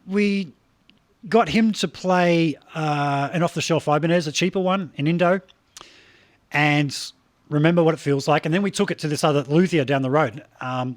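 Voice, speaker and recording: A man hosting a podcast in casual chat, telling stories fast with stutters and restarts. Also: a little high, no echo. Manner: quick, stuttering storyteller. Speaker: podcast host.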